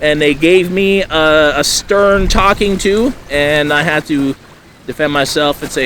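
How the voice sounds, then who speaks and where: A man from Canada telling a fishing story to camera by a lake shore, rambling with many fillers and getting loud and high-pitched when excited. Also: measured pace, a little hiss or hum. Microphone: camera mic.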